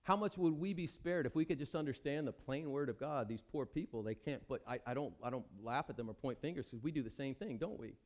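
A man's voice: medium pitch, fast talker, few pauses, darkish tone. A man preaching a sermon at a church service, talking conversationally and putting questions to the congregation. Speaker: pastor.

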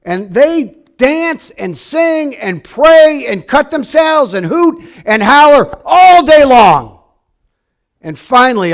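A pastor preaching a sermon, shifting between quiet, reflective passages and loud, animated storytelling. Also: male voice, high-pitched.

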